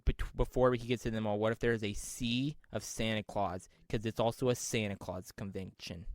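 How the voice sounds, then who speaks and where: A man co-hosting a podcast who rambles excitedly and uses lots of filler words while improvising a story. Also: lowish voice, normal speed, dry recording, studio quality. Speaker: podcast co-host.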